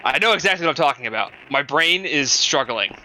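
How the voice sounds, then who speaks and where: A man's voice: a little high, lively intonation, fairly quick, pushed and bright, slight background noise, rough recording. A man in a casual group chat over a game he plays, rambling and searching for words. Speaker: let's play commentator.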